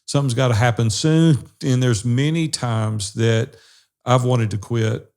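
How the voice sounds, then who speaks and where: Medium in pitch and measured in pace, a man spins casual, folksy stories as co-host of a business brotherhood podcast. His warm storytelling is sprinkled with "y'all" and "fixing to."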